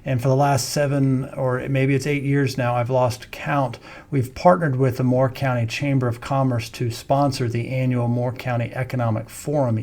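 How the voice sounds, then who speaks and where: A man's voice: medium pitch, little pitch movement, moderate pace, a little mellow. A man, a wealth management firm founder giving a conversational video update on the economy, with frequent ums and self-corrections. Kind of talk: informal video market update.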